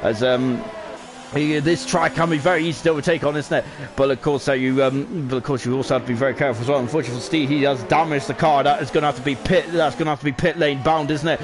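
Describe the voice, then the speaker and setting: A man commentating live on an online racing league, excitable and full of fillers and tag questions, breaking into shouts when cars crash. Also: medium pitch, fast. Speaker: esports race commentator.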